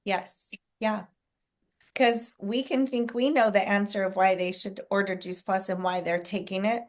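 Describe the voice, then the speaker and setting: A woman's voice: medium pitch, fairly even intonation, measured pace. Woman coaching her team on a video call. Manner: encouraging, frequent fillers, clears throat often.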